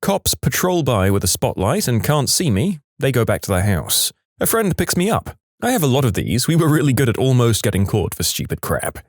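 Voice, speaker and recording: A man reading reddit stories aloud in a lively storytelling manner. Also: brisk, no echo, clean studio sound. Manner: lively storytelling with wide pitch swings. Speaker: story narrator.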